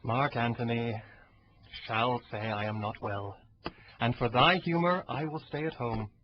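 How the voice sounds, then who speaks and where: A man's voice: mid-range voice, measured pace, close to an everyday voice. A man playing a proud, defiant Roman ruler in a Shakespeare audio drama, declaiming grand verse. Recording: dull lo-fi audio under music.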